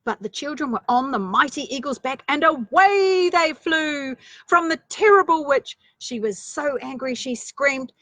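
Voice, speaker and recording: A woman's voice: high-pitched, animated, unhurried, a bit bright, no echo. Playful woman reading a storybook aloud. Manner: chatty asides, playful.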